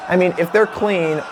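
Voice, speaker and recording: A man hosts a comedic late-night style show, riffing on odd listings and drawing out words for effect. His voice sits a bit high. A faint hum of ambience runs under the recording. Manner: jokey, laughs at his own bits, stretches words for emphasis. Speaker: host.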